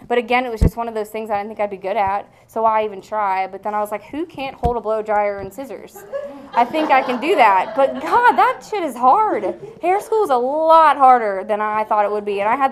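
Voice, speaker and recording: A young woman from the American South sharing her recovery story frankly, with casual swearing and many fillers. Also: medium pitch. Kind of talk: candid personal testimony.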